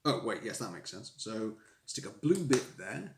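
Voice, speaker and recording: A man's voice: fairly low pitch, sing-song, normal speed, vocal fry. A man chatting casually on a live stream while building Lego, rambling and poking fun at himself. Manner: rambling, self-mocking, chatty with viewers. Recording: echoey room with faint noise.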